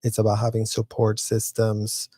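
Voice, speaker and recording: A man with a mellow, warm voice, talking earnestly as a guest. He sounds close and dry, with no room echo. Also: on the low side, monotone, normal speed, slightly rough. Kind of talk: casual conversation.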